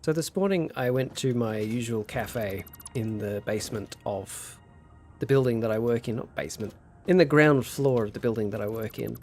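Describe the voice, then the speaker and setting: A young man chats casually while streaming a game, telling stories and reading the chat aloud in an animated way. His voice sits in the mid-range at a moderate pace, with soft music in the background.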